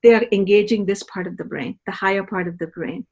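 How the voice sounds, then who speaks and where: This middle-aged woman, a parenting educator, talks a little fast in a medium-pitched, darkish, breathy voice. In the podcast conversation she explains patiently like a teacher and often checks in with a questioning "right?" at the end of points.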